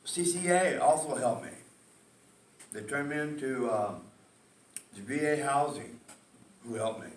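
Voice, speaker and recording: A man's voice: medium pitch, lively intonation, measured pace, pauses often, far from the mic. A man speaking emotionally at a community meeting, stressing points with a repeated "okay?". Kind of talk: public testimony at a meeting. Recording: echoey hall, picked up from afar.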